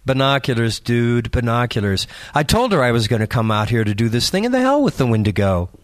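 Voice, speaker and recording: A man's voice: mid-range voice, big pitch swings, a little fast, no echo, studio quality, natural voice. A man voicing a bold, boastful teenage boy in an audiobook story. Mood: cocky.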